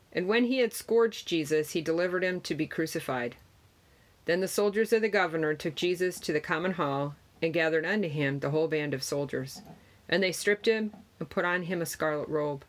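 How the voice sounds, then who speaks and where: A reader giving a Gospel passage in archaic wording, steady and measured with small stumbles. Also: mid-range voice. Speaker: scripture reader.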